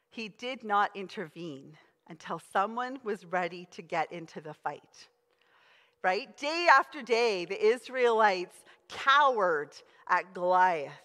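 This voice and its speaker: A woman's voice: mid-range voice, a bit bright, big-room sound. A woman preaching a sermon, emphatic and conversational as she tells the story. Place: church auditorium.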